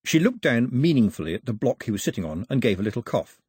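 A man reading a storybook aloud in an expressive, varied narration. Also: medium pitch, fast, husky, no echo, studio quality.

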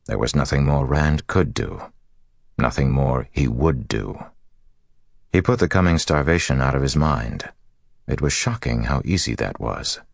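A man narrating a fantasy audiobook in a steady, even storytelling manner. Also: a bass voice, vocal fry, no room sound, clean studio sound.

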